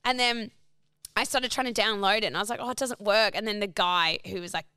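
A woman's voice: mid-range voice, fairly quick, smooth, no room sound, studio quality. A young Australian woman in casual chat, telling a travel story with lots of acted-out quotes and laughter. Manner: animated storyteller, acts out quotes, laughs often.

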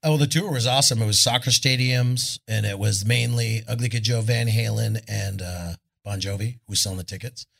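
A man's voice: lowish voice, brisk, creaky, hardly any pauses. A man, a rock musician guest on a live club stage, telling a rambling, profane story and acting out the people in it. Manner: animated, swearing, acts out the people in his story.

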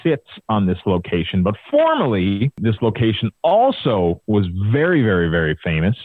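A man from the Chicago area telling a rambling local story in casual chat, with many pauses and fillers. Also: on the low side, wildly swooping pitch, no room sound. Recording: tinny phone-like remote line.

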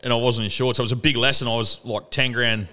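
An Australian man telling stories as a podcast guest, animated and swearing freely. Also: medium pitch, quick pace. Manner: animated yarn-spinning, heavy swearing. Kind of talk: casual storytelling chat.

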